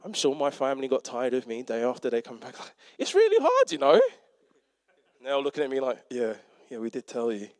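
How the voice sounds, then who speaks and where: Here a young preacher and teacher speaks fast with a medium-pitched voice, no room sound behind him. He's animated and pokes fun at himself as he tells a story in sermon form, acting out what the people in it said.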